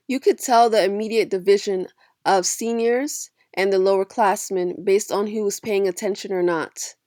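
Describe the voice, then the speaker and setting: A woman giving a measured first-person audiobook narration of a young adult novel. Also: medium pitch, no echo, clean studio sound.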